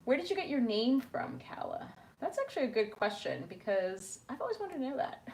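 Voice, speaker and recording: A woman's voice: high voice, big pitch swings, fairly quick, a little mellow. A woman hosting a casual livestream from her apartment, chatting with viewers and reading their comments aloud with lots of ums. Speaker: livestream host.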